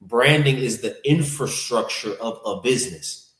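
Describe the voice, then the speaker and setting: A man's voice: mid-range voice, measured pace, a bit bright. A man with a mid-range voice makes his points emphatically, laying out business ideas in plain terms. His voice rings with a room echo. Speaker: guest. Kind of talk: casual conversation. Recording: echoey room.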